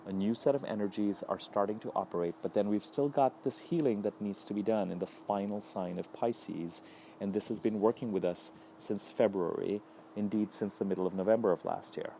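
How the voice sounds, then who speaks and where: Male astrologer, lowish mellow voice, measured solo talk, faint hiss behind. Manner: thoughtful, unhurried, lists ideas in repeated phrases.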